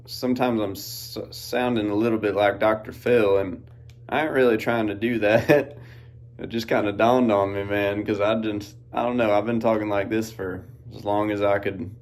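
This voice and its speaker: A man's voice: fairly low pitch, a little mellow. A man hosting a podcast, talking in a laid-back, rambling way full of folksy slang. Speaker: podcast host. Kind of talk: casual monologue. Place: outdoors in farm fields.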